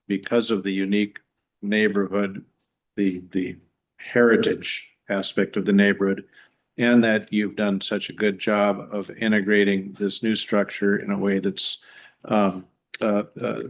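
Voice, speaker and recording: A man on a town planning board giving his view in a measured, deliberate way. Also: fairly low pitch, poor audio. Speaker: commission member. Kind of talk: public meeting deliberation.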